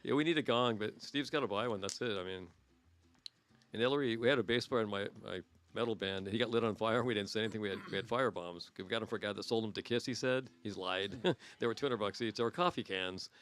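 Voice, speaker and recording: A man in his sixties tells profane stories at a quick clip. His voice is bright and forceful, and he breaks into laughter as he goes. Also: fairly low pitch. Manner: fast, crude, laughing anecdotes. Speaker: podcast host. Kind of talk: raunchy casual storytelling.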